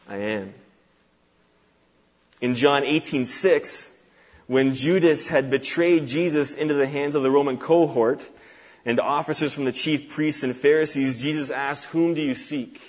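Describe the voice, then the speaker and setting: A male pastor delivers an earnest expository sermon in a voice of ordinary middle pitch. He reads long scripture passages aloud, then lowers and softens his voice for the quoted divine words.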